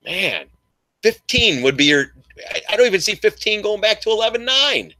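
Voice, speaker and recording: An older man hosting a casual live trading stream, talking in an animated, mocking way and laughing often. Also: sits high, moderate pace. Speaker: live stream host, trader.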